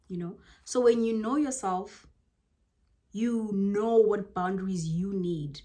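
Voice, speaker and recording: A young woman with a Zulu-inflected South African accent gives casual motivational advice to the camera, talking in an animated, emphatic way. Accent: South African, Zulu-inflected English. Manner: animated and emphatic, jumping to high exclamations. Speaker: motivational vlogger.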